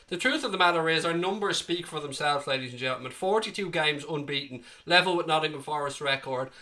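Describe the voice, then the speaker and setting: A man's voice: fairly high pitch, pushed and bright. A man hosting a live fan stream, reading viewer comments, passionate and ranting, swearing freely, with a slight tickly cough. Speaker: fan channel host.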